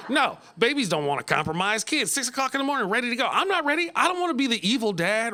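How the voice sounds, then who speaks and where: Man, middle-aged, American, stand-up comedian, bright, lively pitch, small club stage. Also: quick pace, few pauses, a little hiss or hum. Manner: animated, jumps into high squeaky voices for kids. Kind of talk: stand-up set.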